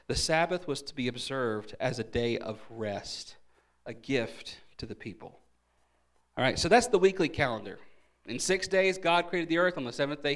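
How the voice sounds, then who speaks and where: A man preaching an evening Bible teaching, emphatic, asking questions and then answering them himself. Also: mid-range voice. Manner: emphatic, asks and answers his own questions; lively shifts between loud stresses and soft asides. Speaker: pastor.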